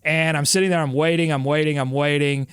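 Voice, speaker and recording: Animated man talking basketball. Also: a little high, fairly quick, smooth, dry recording, clean studio sound. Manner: animated, laughing storyteller. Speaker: podcast co-host. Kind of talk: casual sports chat.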